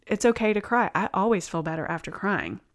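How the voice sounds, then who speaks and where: A woman wellness host talking straight to her viewers, upbeat and reassuring. Her voice sits at an ordinary middle pitch for a woman. She slips light laughs in between her points. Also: expressive, brisk. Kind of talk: encouraging talk to camera.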